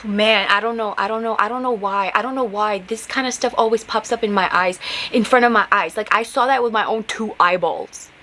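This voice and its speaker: Young woman host, casual exasperated monologue, mid-pitched, faint background hiss. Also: brisk, pushed and bright, low-quality recording. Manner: heated, exasperated, many fillers and rhetorical questions. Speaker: podcast host.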